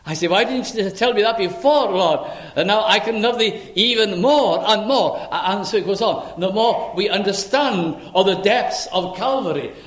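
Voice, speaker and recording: A man preaching a sermon, earnest and reflective, dropping to hushed tones to press a point. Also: sits high. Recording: echoey room.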